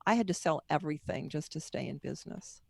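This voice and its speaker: A middle-aged woman guest speaks candidly and at length, her voice gravelly with plenty of fry. The sound is close and dry, with no room echo at all. Her storytelling is personal and wanders from point to point. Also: deep voice, animated, fast talker. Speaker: guest author and book marketing coach. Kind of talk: candid podcast interview storytelling.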